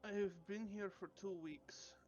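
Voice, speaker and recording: A man playing a bored young male spellcaster in a tabletop role-play, with flat, dry delivery. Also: sits high, unhurried, slight background noise. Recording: dull lo-fi mic.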